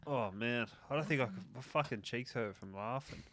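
A man with an Australian accent, co-hosting a podcast and teasing his guest with deadpan quips. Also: medium pitch, normal speed. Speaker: podcast co-host. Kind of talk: casual podcast chat.

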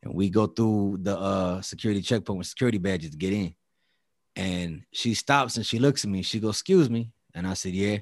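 A man of Latin American heritage telling a story in casual chat, animated and profane, often repeating and restarting words. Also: lowish voice, brisk, dry recording, clean studio sound.

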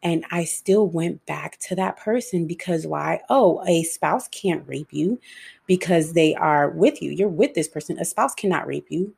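Young woman, low husky voice with gravel, candid and emotional monologue, swears freely. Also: darkish tone. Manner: frank and emotional, swears freely, speeds up and slows down.

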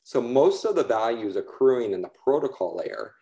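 A man's voice: mid-range voice, big pitch swings, moderate pace, dark tone, reverberant. A man working in asset management, explaining steadily with many fillers. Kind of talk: explanatory talk on a call.

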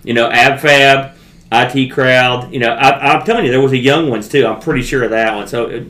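A man's voice: medium pitch, steady tone, fairly quick, fairly bright tone. Rambling jokey male co-host, echoey room. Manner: jokey, rambling, self-deprecating. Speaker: podcast co-host. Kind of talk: casual chat. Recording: echoey room with faint noise.

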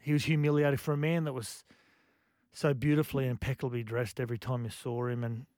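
Halting man, reflective. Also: medium pitch, flat delivery, a little mellow, dry recording, clean studio sound. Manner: halting, reflective, many restarts. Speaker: guest. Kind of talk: casual radio chat.

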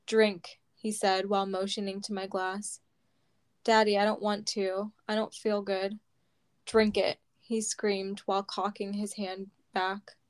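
A woman reading her own personal memoir aloud, slow and heavy, close to tears. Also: mid-range voice. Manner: slow, heavy, measured storytelling.

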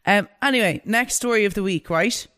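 A woman's voice: mid-range voice, brisk, fairly bright tone, no echo. A woman co-hosting a podcast, blunt and mocking, swearing freely as she bickers. Her voice is recorded dry and close, with no room sound around it. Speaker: podcast co-host. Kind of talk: casual bickering chat.

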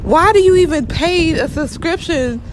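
Caller, woman, lively pitch, incredulous, traffic noise behind. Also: normal speed. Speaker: caller leaving a voice message. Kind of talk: casual chat.

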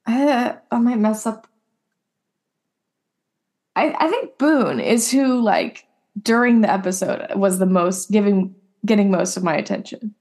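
A woman's voice: medium pitch, unhurried, pauses often, darkish tone. Chatty young woman podcaster. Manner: rambling, lots of "like" fillers. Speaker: podcast co-host. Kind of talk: casual chat.

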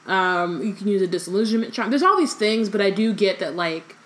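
A woman's voice: mid-range voice, animated, fairly quick. A young woman co-hosting a casual chat podcast, easygoing, laughing often and using "um" and "like". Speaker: podcast co-host. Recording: faint background noise.

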